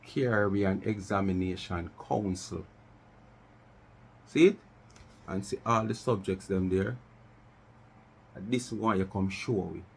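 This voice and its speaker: Gravelly Jamaican man ranting. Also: low voice, steady tone, a little slow. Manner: challenging, repeats rhetorical questions, mixes patois. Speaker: vlogger. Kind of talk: ranting commentary.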